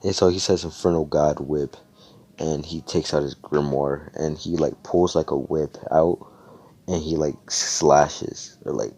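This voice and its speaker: A young man with a very low, dark voice casually retells a role-play session. He rambles, swears freely and leans on fillers. The delivery is loose and conversational. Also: fairly even intonation, a little slow, husky. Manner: rambling, profane, filler-heavy.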